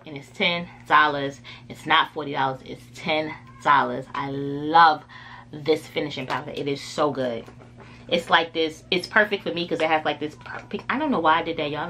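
A woman's voice: low voice, bright, forceful tone. A woman beauty vlogger chatting casually through a makeup tutorial, rambling with lots of filler words.

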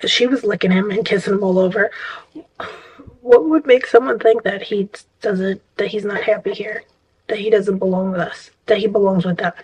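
A woman's voice: mid-range voice, a little mellow, slightly rough, low-quality recording. A woman vlogger telling a story in casual, rambling chat, exasperated and full of restarts.

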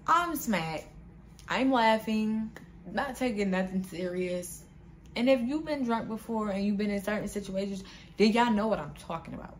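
A young woman spins a storytime for her viewers, animated and slangy. Her voice sits in a middle pitch, and a faint noise runs under it. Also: normal speed. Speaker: vlogger. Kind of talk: casual storytime vlog.

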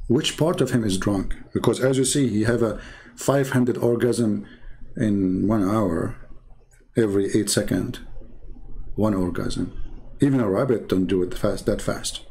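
A man's voice: medium pitch, a little mellow, poor audio. A man giving sarcastic online commentary in a mocking tone, laughing now and then at his own jokes.

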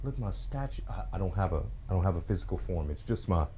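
A man's voice: low voice, expressive, fast talker, dark tone, slight background noise. A man playing a VR game, chatting casually to viewers and the objects he handles, with nervous laughs. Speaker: gaming YouTuber. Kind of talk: casual let's play commentary.

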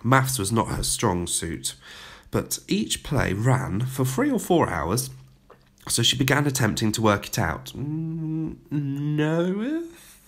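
A man reading a children's story aloud with expressive, dramatic narration. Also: lowish voice, unhurried, slightly rough.

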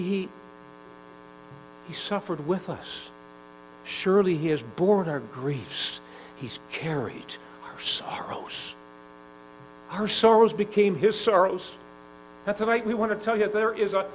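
A man preaching a sermon in a gospel hall, rising to loud urgent climbs and dropping to slow, soft lines, often repeating himself and asking the listeners questions. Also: high voice, a little hiss or hum. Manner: repeats phrases, asks the congregation questions.

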